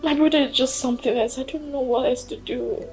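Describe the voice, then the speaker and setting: A man's voice: very high-pitched, steady tone, over music. An actor playing an embarrassed young man with a Nigerian accent, apologizing to his girlfriend. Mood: apologetic. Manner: apologetic, slow.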